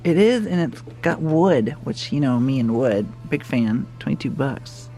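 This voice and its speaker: A man's voice: mid-range voice, expressive, unhurried, dark tone, soft background music. A young man chatting playfully while shopping in a home goods store, laughing often as he films. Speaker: vlogger. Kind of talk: casual vlog chat while shopping.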